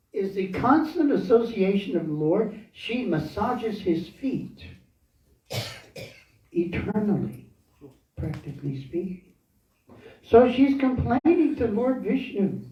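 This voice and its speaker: Slow, unhurried man in an echoey hall. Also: sits high. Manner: slow, with pauses, searching for words and chuckling. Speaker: temple speaker. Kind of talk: devotional lecture, storytelling. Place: temple hall. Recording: echoey, dull, from far off.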